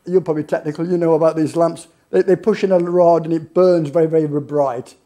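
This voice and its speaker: A man's voice: a little high, steady tone, fairly quick, mellow. A man telling stories on stage as a keynote guest, laughing often as he goes. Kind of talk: anecdotal storytelling on stage. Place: event hall on stage.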